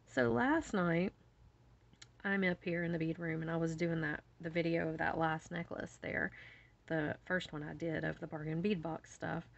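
Middle-aged craft vlogger, woman, lowish voice, animated and giggly storyteller, slightly muffled home recording. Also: normal speed, creaky. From West Virginia. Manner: animated storyteller, laughs often, acts out her own shrieks. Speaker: jewelry-making video host. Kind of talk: casual chatty storytelling while beading. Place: home bead room.

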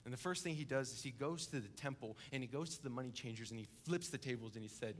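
Man preaching with lively storytelling. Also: mid-range voice, quick pace, few pauses, slight background noise. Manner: vivid storytelling, acting out the characters; swings between hushed and emphatic. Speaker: college and young adult coordinator preaching. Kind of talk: sermon. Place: church service, live-streamed.

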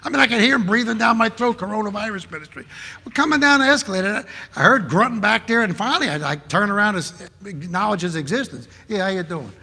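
A man preaching a sermon, telling animated stories and acting out the people he quotes. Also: high voice, fast talker, vocal fry, husky, big-room sound. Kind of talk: sermon with anecdotes.

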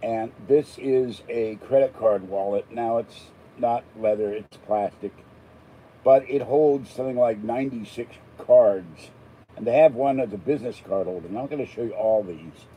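A man's voice: mid-range voice, normal speed, highs cut off, slight background noise. An older man from Pittsburgh, chatting casually and rambling between topics as he unboxes an item. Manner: chatty, digressive, self-deprecating asides. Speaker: unboxing vlogger.

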